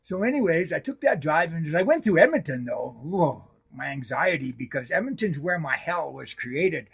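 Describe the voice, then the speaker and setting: A middle-aged man tells his own story in a husky, gravelly voice. He halts and repeats himself, sinking to a hush and then rising loud. His voice sits a little high for a man. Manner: halting, repeats words, swings between hushed and loud. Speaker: recovery storyteller. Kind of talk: personal storytelling.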